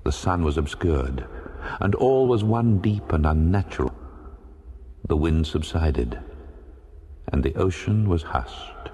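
A man narrating a classic sea story in a measured, dramatic storytelling manner. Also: low-pitched, dark tone. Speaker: audiobook narrator. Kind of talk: scripted narration of a classic novel. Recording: long hall reverb.

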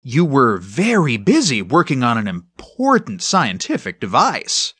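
A man voicing a firm but gentle mother in an audiobook, speaking in a dryly teasing way. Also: mid-range voice, wildly swooping pitch, unhurried, slightly rough, no room sound, full character voice.

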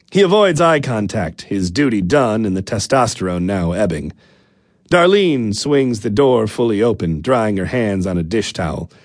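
A man's voice: fairly low pitch, no echo, clean studio sound. A man narrating a comic first-person audiobook in a wry, sardonic manner.

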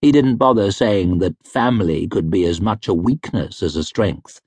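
A man narrating a fantasy novel in a measured, wry storytelling manner, close to a studio mic. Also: sits low, a little mellow, breathy edge, dry recording. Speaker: audiobook narrator.

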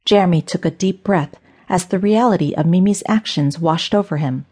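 Husky woman narrating a storybook. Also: fairly low pitch, normal speed, darkish tone. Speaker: audiobook narrator. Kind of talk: scripted narration.

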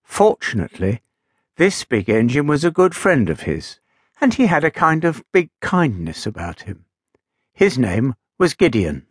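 A man narrating a children's story with gentle, expressive storytelling. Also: medium pitch, unhurried, breathy edge, no echo, clean studio sound. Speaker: audiobook narrator. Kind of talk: scripted narration for young children.

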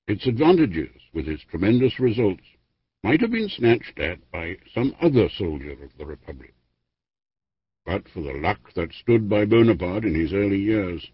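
A man narrates a history audiobook in a formal, measured reading, his low voice rising and falling with lively emphasis. The tone is husky. The recording is dry and a little dull, like an older studio tape. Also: no echo. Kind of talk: scripted narration of a history book.

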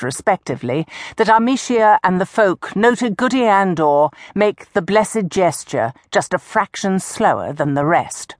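A woman narrating an audiobook in a measured, expressive way. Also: fairly low pitch, no echo, studio quality.

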